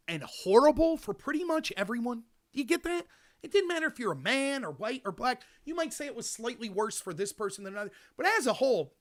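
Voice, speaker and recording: A man hosting a political talk show, giving an opinionated monologue and speaking straight to his listeners. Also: very high voice. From United States. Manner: animated, opinionated, addresses listeners directly. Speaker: host.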